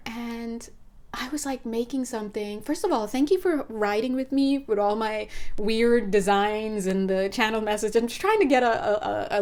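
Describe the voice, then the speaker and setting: Woman with a kinda high voice doing a casual spiritual chat, lots of laughing, acts out convos. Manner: animated, laughs often, acts out conversations. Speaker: intuitive counselor.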